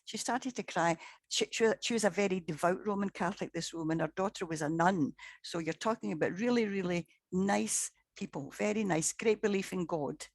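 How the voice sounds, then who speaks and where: A woman's voice: lowish voice, normal speed, gravelly, no room sound. A woman, a paranormal investigator, telling case stories in a chatty way, often repeating words and acting out what people said. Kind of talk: anecdotal storytelling in conversation.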